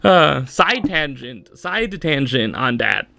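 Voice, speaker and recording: A man's voice: medium pitch, very animated, slow pace, creaky, sharp tone, no room sound. A man in his mid-twenties hosting a solo podcast, rambling through an exasperated rant with lots of fillers. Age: mid-20s. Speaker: podcast host.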